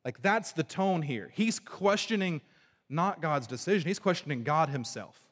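Guy preaching a sermon, kinda high voice, big echoey hall, gets loud then goes real quiet. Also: animated, normal speed. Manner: dynamic preaching, swinging from loud emphasis to hushed low tones. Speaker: pastor. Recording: long reverb of a large hall.

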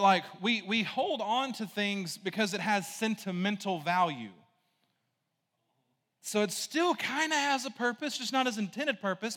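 A man with a high, fairly bright voice preaches a conversational sermon in a big-sounding room. The pastor is casual and rambling, tossing in asides and checking in with the congregation with "right?"

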